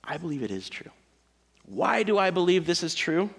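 A male pastor preaching a sermon, emphatic, with dramatic pauses and big swings between loud and soft. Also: sits high, big pitch swings, vocal fry.

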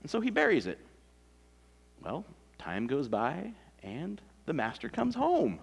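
A man preaching a sermon in a conversational, animated storytelling way, full of asides. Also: fairly high pitch, unhurried, vocal fry, slightly rough. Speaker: pastor.

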